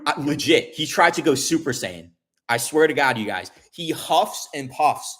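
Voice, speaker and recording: A man's voice: mid-range voice, moderate pace, a bit bright. A man vlogger telling a story in casual chat, rambling with many restarts and fillers, and swearing when upset.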